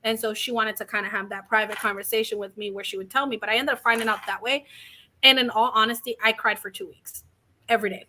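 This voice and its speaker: A woman's voice: on the high side, steady tone, fast, bright, forceful tone, a little hiss or hum. A young adult woman telling a personal story as a guest, openly and ramblingly, coughing a little from asthma. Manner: open, rambling, quotes others in little acted lines. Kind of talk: candid personal story in an interview.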